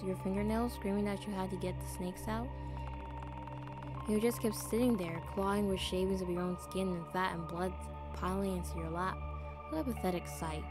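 A woman's voice: medium pitch, natural voice. A woman voicing a cruel, condescending asylum doctor who mocks and coldly threatens. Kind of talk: voiced game reading. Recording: music playing underneath.

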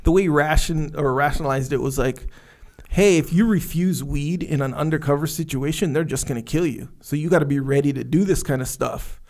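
Brief: male podcast co-host, fairly high and gravelly, animated storyteller who slips into character voices. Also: fairly quick. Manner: animated storyteller, acts out movie lines. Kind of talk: casual chat.

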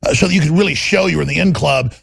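A man hosting a talk show, ranting in a gravelly, raspy voice and mocking people with put-on voices. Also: fairly high pitch, very fast, dry recording. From Texas.

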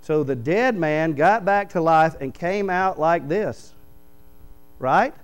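A man, a pastor preaching a sermon in church, reading scripture aloud and explaining it with animated stories. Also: a little high, takes it slowly, clear, resonant tone, rough recording. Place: church sanctuary.

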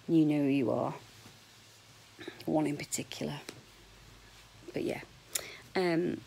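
A woman in her forties with a husky voice, chatting frankly and jokily to camera in a casual vlog, sometimes dropping to a whisper. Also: low-pitched, darkish tone, a little hiss or hum, poor audio. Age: 40s. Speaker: vlogger.

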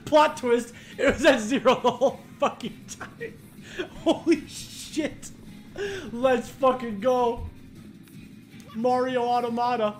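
A gaming streamer doing excitable let's play commentary, swearing a lot and laughing loudly. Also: medium pitch.

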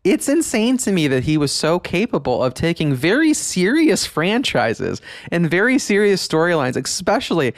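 An enthusiastic man in his thirties hosts a nostalgia podcast, speaking with a slightly high voice and frequent laughter. The sound is dry and close, with no room around it. He leans hard on his excitement, stressing words as he goes. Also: moderate pace, dry recording. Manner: enthusiastic, laughs often, emphatic. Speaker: podcast host.

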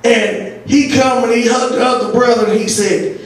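A woman pastor preaching a sermon, telling stories with laughter and breaking into shouts. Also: on the high side, steady tone, normal speed. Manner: storytelling with laughter, rising to shouts. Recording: echoey church audio from far off.

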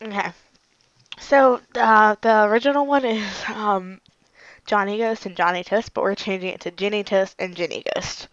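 A woman's voice: mid-range voice, fairly even intonation, moderate pace, a bit bright, dry recording, dull audio. A woman casually reading a fanfic aloud, chatty and giggly. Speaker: fanfic reader.

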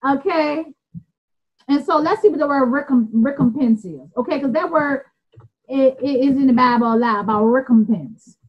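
A woman's voice: high voice, moderate pace, dull audio. A woman with a Southern US accent giving an informal Bible study, earnest and plainspoken, often repeating and restarting as she explains words. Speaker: Bible teacher.

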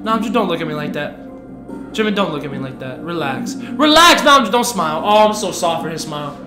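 A young man giving casual reaction commentary, excitable and gushing, with slangy talk that swings from hushed to loud. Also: fairly high pitch, a little fast. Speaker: reaction video host. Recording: echoey room with music playing behind.

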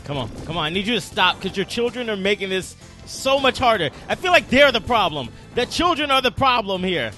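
A man's voice: sits high, big pitch swings, a little fast, pushed and bright, faint music behind. A man doing game commentary, rambling through explanations and swearing at the enemies on screen. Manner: swears and scolds the game's enemies; rambling, self-repeating explanations. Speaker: let's play host.

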